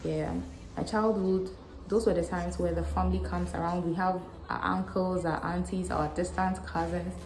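A young woman from Ghana, answering questions in a casual vlog with a frank, animated, self-mocking manner. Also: fairly low pitch, moderate pace, slight background noise. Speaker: vlogger. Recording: echoey room with faint music.

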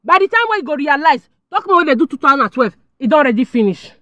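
A young Nigerian woman vlogging, her high voice swinging widely up and down as she tells her story with drama and emphasis. She calls out to her viewers as she talks, and the sound is close and dry with no room echo. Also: very animated, rapid-fire, fairly bright tone.

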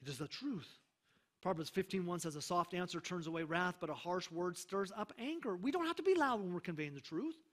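A man preaching a sermon as pastor, emphatic, slowing down for scripture readings and checking in with the congregation. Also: sits high, animated, fairly bright tone.

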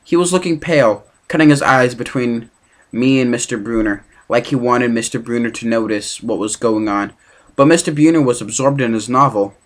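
Man, amateur audiobook reader, mid-pitched voice, halting, slips and restarts.

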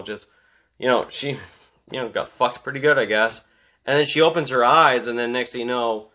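A man recapping a horror movie in a casual, animated way, swearing constantly and laughing at the scenes. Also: medium pitch. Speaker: movie reviewer. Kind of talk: casual profane film recap.

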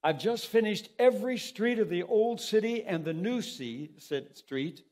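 An older man giving a lively spoken testimony, pausing for an interpreter and acting out the people in his story. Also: high voice. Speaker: guest speaker giving a testimony.

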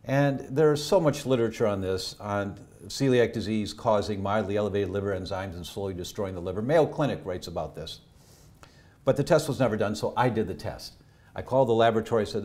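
A middle-aged male doctor with a somewhat low voice tells family stories in a podcast interview. He speaks earnestly, lifting his voice when animated and dropping to a hush at the sad parts. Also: fairly quick. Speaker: doctor and health educator. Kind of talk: emotional personal storytelling in a podcast interview.

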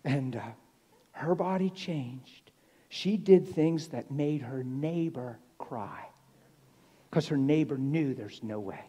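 A man preaching a sermon to a congregation, telling stories in an animated way that drops to a hush and rises to shouts. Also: a little high, measured pace, breathy edge. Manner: animated, swings from hushed to shouting. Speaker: traveling preacher. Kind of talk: sermon with storytelling. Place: church sanctuary. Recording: live church hall reverb.

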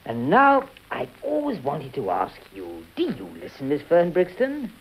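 An actor playing a brisk quizmaster questioning panel guests in a 1940s radio comedy. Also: male voice, on the high side, huge pitch swings, slightly rough, heavily acted. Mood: probing. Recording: dull 1940s radio broadcast.

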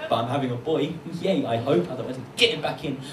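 A man's voice: mid-range voice, recorded from a distance. A young man from London performing a brash, cheeky stand-up set on a club stage with a handheld microphone. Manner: cheeky, brash, rapid asides. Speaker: stand-up comedian. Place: comedy club stage in front of a crowd. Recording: echoey club, mic heard from afar, loud crowd. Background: loud audience laughter.

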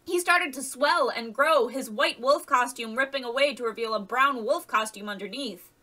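A woman reads a children's fantasy novel aloud in a lively narration. Her voice is bright and sharp, a little high, and sounds somewhat distant from the mic. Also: moderate pace. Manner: lively reading with voiced characters. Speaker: audiobook reader. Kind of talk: scripted narration.

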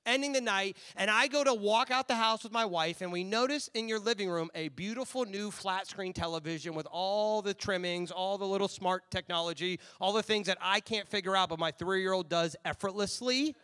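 A young man preaching a sermon, telling a story with animated energy and acting out both voices of an imagined conversation. His voice sits high and rings bright and forward. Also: normal speed, few pauses, smooth. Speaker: pastor.

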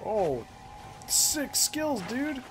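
A man's voice: very high voice, very slow, over music. A man joking and laughing as he comments on his own gameplay. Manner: joking, giggly, excitable. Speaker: gaming YouTuber.

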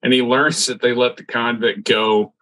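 A man casually recapping a sitcom episode on a podcast, rambling and halting with restarts. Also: medium pitch, steady tone, a bit bright, rough recording. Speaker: podcast co-host.

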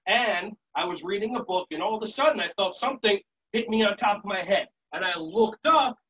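A man teaching a live virtual workshop, playful and energetic, chanting songs and shouting sudden "aya" calls. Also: sits high, brisk, lo-fi sound, slight background noise. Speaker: children's yoga and martial arts instructor.

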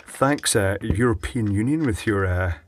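A man's voice: lowish voice, lively intonation, measured pace, slight background noise. A man chatting dryly as he repairs electronics at his workbench, thinking aloud as he works. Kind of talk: casual workbench commentary.

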